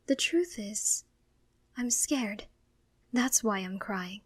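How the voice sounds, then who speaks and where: A woman's voice: fairly high pitch, expressive, measured pace. A woman voicing a loving, emotional mother who speaks in a tender, tearful way.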